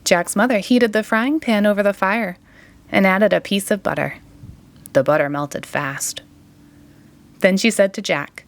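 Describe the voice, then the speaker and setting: A woman reading a children's picture book aloud in an expressive, sing-song way. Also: mid-range voice, unhurried, pauses often. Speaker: storytime reader.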